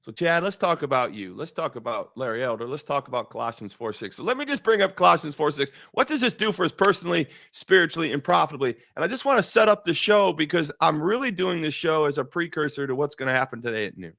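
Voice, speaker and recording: Gravelly guy hosting a faith talk show, kinda high voice, dry close sound, animated and rambly. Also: fast, hardly any pauses, no room sound. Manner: animated storyteller, repeats words, laughs often. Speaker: show host.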